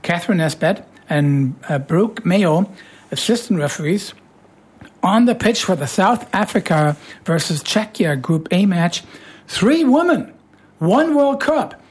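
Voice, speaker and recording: A radio show host with a hoarse voice, chatting casually in a playful, teasing way. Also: medium pitch, a little slow.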